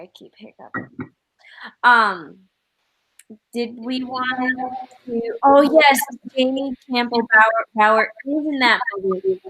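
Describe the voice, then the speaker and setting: A woman's voice: fairly high pitch, gravelly, bright, forceful tone, slightly rough, rough recording. A woman hosting a writing livestream, chatting casually over a video call, giggling often and rambling with lots of fillers. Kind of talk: casual chat.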